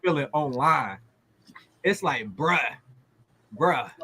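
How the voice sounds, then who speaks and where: A man's voice: fairly high pitch, animated, brisk, fairly bright tone, breathy edge. A man co-hosting a casual family talk show, telling stories animatedly and acting out both sides of a conversation. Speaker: podcast co-host. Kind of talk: casual chat.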